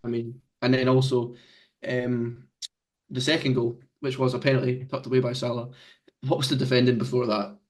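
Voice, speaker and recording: A man in casual football banter, hosting the chat. He jokes freely and keeps things moving with questions to the others. His voice sits at an ordinary middle pitch. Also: little pitch movement, moderate pace. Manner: jokey, leads the discussion with questions. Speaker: podcast host.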